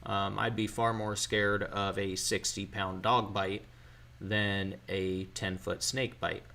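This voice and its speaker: Man, livestream host, casual chat with viewers, profane, bright forceful tone. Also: lowish voice, level tone, slow pace, creaky. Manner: profane, candid storyteller answering chat.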